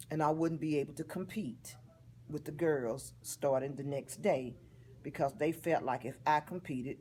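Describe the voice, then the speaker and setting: A woman, telling a personal story in an interview in a heartfelt, expressive way. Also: sits low. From Texas. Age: 50s.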